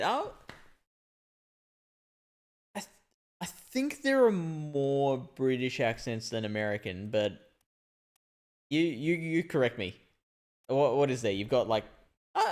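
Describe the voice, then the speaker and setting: A man giving live gameplay commentary at a middle pitch, musing and chatty. He thinks aloud, often restarting his sentences as he works things out. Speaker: streamer.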